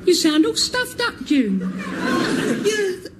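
Stuffy, high-pitched housewife, played by a man, plummy sketch delivery, lively. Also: slow pace, crowd noise, full character voice. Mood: stuffy, chatty. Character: prim housewife with a stuffed-up cold. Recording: noisy vintage radio recording.

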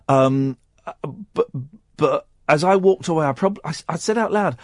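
A man hosting a radio show, telling a personal story while close to tears, halting and restarting often. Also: a little high, no room sound. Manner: halting and tearful, with many restarts. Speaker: radio host.

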